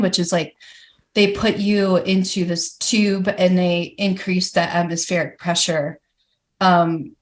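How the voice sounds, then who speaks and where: A woman guest on a podcast, telling her story candidly and animatedly, with many "like" fillers. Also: lowish voice. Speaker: guest, professional climber. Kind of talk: casual podcast interview.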